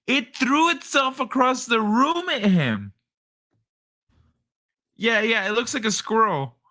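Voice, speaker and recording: A woman streamer reacting to clips with lots of swearing. Her voice is bright and sharp, her pitch swings a lot, and she talks slowly. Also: expressive. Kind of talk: casual reaction commentary.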